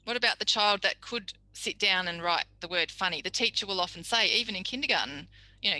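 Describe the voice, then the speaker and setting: Casting: woman tutor, very bright clear tone, dry close recording, chatty lecturer. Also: medium pitch, brisk, dry recording, low-quality recording. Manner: warm, chatty, explanatory with acted examples. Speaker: speech pathology tutor.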